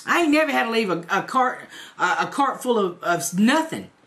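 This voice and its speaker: A woman's voice: fairly high pitch, very animated, moderate pace, a bit bright. A woman in her forties telling a story in a casual, profane, laughing way to her viewers. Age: 40s. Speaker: vlogger.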